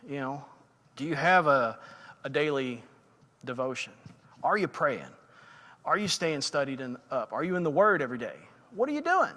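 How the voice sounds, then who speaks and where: A middle-aged man shares stories from the pulpit in a loose, self-deprecating way, full of "you know" fillers. His voice sits a little high and sounds bright and forceful. It comes from a church livestream with a long, hanging reverb. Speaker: lay preacher. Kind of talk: casual sermon storytelling. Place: church sanctuary.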